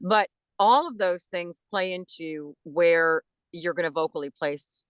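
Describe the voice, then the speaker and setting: A woman who is a voice actress, chatting as a guest in an interview with enthusiastic, animated talk and frequent restarts. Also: lowish voice, unhurried, smooth, dry recording. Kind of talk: casual interview chat.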